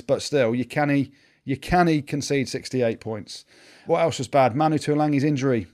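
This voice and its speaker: A man's voice: mid-range voice, darkish tone. Chatty man running through rugby. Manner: brisk, jokey, banter. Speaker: podcast co-host. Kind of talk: casual chat, rundown of weekly results.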